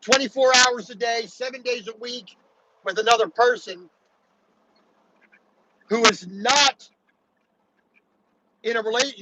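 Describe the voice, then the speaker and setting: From his truck cab, a very high-voiced man from Baltimore chats casually for a vlog as he drives. He's a truck driver who rambles, keeps restarting his sentences, and often drops "you know," with loud engine and road noise in the background.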